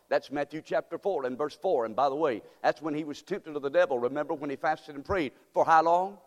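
A man's voice: on the high side, brisk, few pauses. A man preaching a sermon from the pulpit, firing rhetorical questions at the congregation. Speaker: pastor. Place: church sanctuary. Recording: long hall reverb in church.

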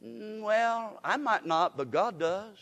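An older man delivers a folksy, emphatic sermon with a notably high voice. He keeps calling on the congregation to repeat after him. The room rings with a long church-hall reverb. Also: animated, slow, gravelly, a bit bright. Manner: call-and-response, folksy and emphatic. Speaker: guest preacher.

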